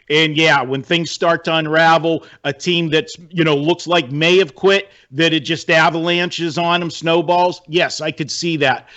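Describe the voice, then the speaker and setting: A man's voice: fairly high pitch, a bit bright. A man giving casual sports betting analysis, chatty and wry, with lots of fillers. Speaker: sports handicapper. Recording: dull lo-fi audio.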